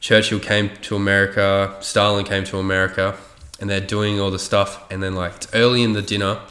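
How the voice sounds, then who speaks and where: A man's voice: on the low side, little pitch movement, a little fast, pushed and bright, reverberant. A man telling a rambling story in casual chat, swearing freely and loose with his facts.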